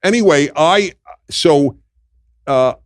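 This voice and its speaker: A man's voice: a little high, expressive, slow pace, dry recording, studio quality. An older man, a guest in a political discussion, speaking emphatically and repeating his points for weight. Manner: emphatic, repetitive.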